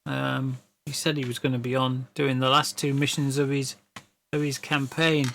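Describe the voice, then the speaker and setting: Bright-voiced rambling man. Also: medium pitch, flat delivery, normal speed, vocal fry, a little hiss or hum. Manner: rambling, stammering storyteller who laughs often. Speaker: streamer. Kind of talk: casual chat.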